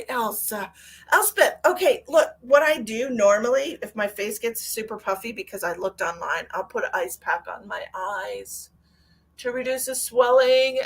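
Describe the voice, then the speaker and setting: A slightly high, somewhat bright female voice belongs to a middle-aged psychic medium hosting a livestream. She chats casually and emotionally, speaking candidly, swearing a lot, and reading viewer comments out loud.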